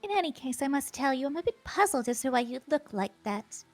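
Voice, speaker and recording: A woman's voice: high voice, lively intonation, fairly quick, faint music behind. A woman voicing a prissy, haughty female house cat in a video game, with a prim, condescending manner.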